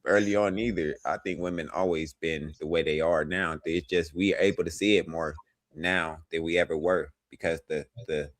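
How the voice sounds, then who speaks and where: A man's voice: low voice, fairly even intonation, moderate pace, no room sound, studio quality. A man in his thirties, a panelist in a podcast debate, who stammers and insists on his point. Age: 30s. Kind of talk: casual debate.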